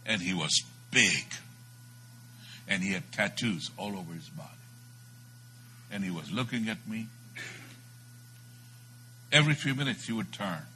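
A man delivers a sermon in a low but bright, forceful voice. He tells his story dramatically, swinging between loud bursts and hushed near-whispers. A faint hum runs underneath. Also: animated, measured pace, long pauses, rough recording. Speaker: preacher.

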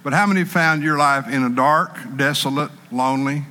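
A man preaching a sermon in an animated way, acting out panicked people in a raised voice. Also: fairly high pitch, fairly quick, long reverb tail.

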